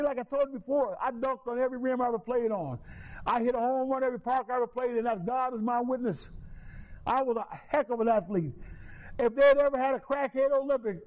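A man giving a personal testimony in a lively, colloquial storytelling way, with many restarts. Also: very high-pitched, phone-quality sound. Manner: colloquial, repetitive restarts, chuckles through the story.

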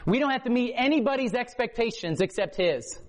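A man with a high, bright voice delivers a sermon testimony to a congregation. He preaches with passion, dropping to a hush and then rising to loud emphasis. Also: animated, fairly quick. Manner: impassioned, swings from low hush to loud emphasis. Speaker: prison ministry preacher. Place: hotel or church meeting room before a congregation.

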